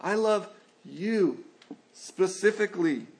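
Earnest male pastor, higher-pitched, preaching with lively voiced asides. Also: takes it slowly. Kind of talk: sermon.

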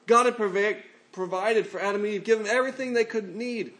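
Male pastor, sermon, conversational, fairly high voice, acts out the people in his stories. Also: brisk, fairly bright tone.

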